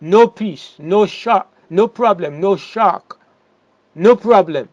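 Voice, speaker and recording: A man delivers a sermon in a high voice, stressing key words and circling back over his phrases. The sound is dry and a little muffled. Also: slow, darkish tone, no echo. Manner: emphatic, repeats words and restarts phrases. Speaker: preacher.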